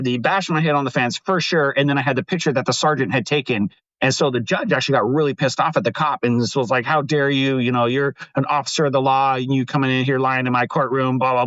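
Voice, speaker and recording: A middle-aged man casually telling stories in a lively way, swearing and laughing often. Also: medium pitch, no echo, muffled recording. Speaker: guest. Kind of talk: casual storytelling.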